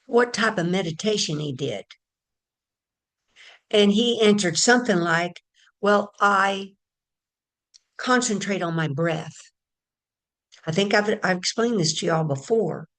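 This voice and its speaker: A woman's voice: medium pitch, animated, slow, long pauses. A woman giving a casual spiritual talk, telling a story in a chatty way and addressing her listeners directly. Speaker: spiritual teacher.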